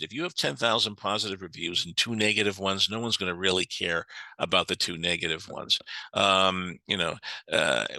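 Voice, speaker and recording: An older American man giving a lively business seminar talk, chatty and joking, with many fillers and restarts. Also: lowish voice, no room sound, rough recording. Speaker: business speaker.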